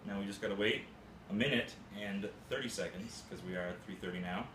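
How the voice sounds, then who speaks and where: A man's voice: on the low side, brisk, a bit bright. A man casually walking through brewing coffee step by step, tossing in playful, goofy catchphrases. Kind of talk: casual how-to demonstration. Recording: roomy room with faint ambient hum.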